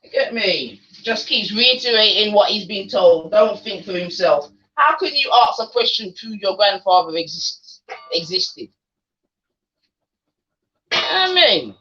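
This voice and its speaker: A woman's voice: mid-range voice, sing-song, a little slow, pushed and bright, husky. Taunting woman on a lo-fi stream. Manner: taunting, confrontational, slangy. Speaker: livestream host. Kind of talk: casual livestream rant. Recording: dull lo-fi stream audio.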